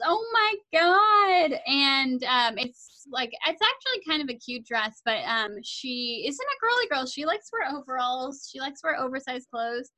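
A woman's voice: pushed and bright, poor audio. A young woman from California, co-hosting a podcast and chatting casually as she recaps a movie, bubbly and acting out the characters' lines. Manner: bubbly, acts out characters' lines with big jumps up in pitch. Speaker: podcast co-host.

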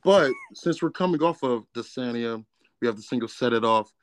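A young man hosts a relaxed interview and tells stories with lots of energy. His voice sits at a middle pitch. The sound is close and dry. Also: normal speed, no echo. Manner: animated storyteller, playful and hyped. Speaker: interview host. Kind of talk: casual interview chat.

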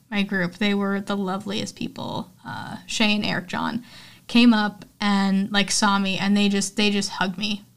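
A woman's voice: mid-range voice, smooth. Candid young woman recapping a film. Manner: chatty, candid, heartfelt, with frequent "um" and "like". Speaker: podcast host. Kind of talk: casual film recap podcast.

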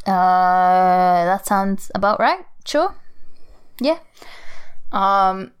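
A woman co-hosting a podcast in casual chat, talkative, laughing often and dropping quick asides. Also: mid-range voice, lively intonation, clear, resonant tone, muffled recording. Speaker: podcast co-host.

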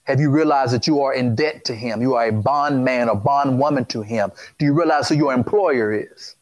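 A man's voice: mid-range voice, normal speed, rough recording. A man preaching a sermon who cuts in on the scripture reading with questions and repeats his phrases in a loose, informal way.

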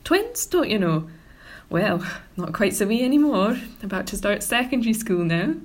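A woman's voice: medium pitch, very animated, normal speed. A woman voicing an elderly, fussy, doting Scottish lady in a comedy audio drama, with a Scottish accent. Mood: soothing. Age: older.

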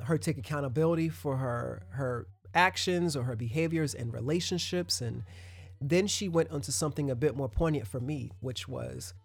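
A man from the United States hosts a solo podcast in a relaxed, rambling way, often restarting his sentences. His voice has a gravelly edge, and the small room sounds dry and close. Faint music plays underneath. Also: medium pitch, no room sound. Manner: loose and conversational, many restarts and asides. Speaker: podcast host. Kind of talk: casual solo podcast monologue.

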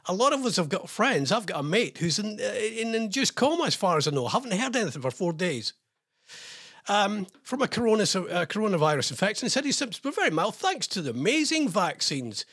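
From a studio, a British radio presenter mocks the news with sarcasm. His husky voice sits slightly high and ranges widely up and down, very animated, brisk and a bit bright.

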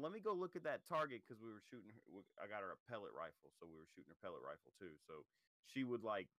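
A man's voice: lowish voice, sharp tone, clean tone, no echo. A man co-hosting a casual podcast, talking about his daughter and joking with the others. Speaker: podcast co-host.

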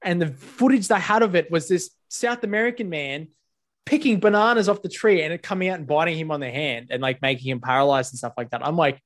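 An Australian man talking casually on a podcast. His voice sits a little high, and he tells stories in an animated way, with plenty of swearing. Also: quick pace. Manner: swears a lot, animated storytelling. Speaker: podcast host.

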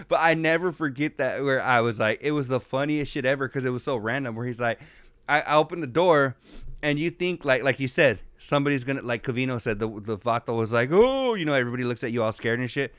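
A man's voice: medium pitch, fairly bright tone, clean tone, no room sound. A man in his thirties co-hosting a podcast, telling profane stories in casual chat. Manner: profane, storytelling, says "dog" a lot. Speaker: podcast co-host.

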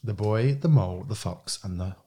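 A man's voice: fairly low pitch, moderate pace, mellow, husky. A man chatting as a podcast guest, giggly and talkative, often trailing off and restarting. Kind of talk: casual chat.

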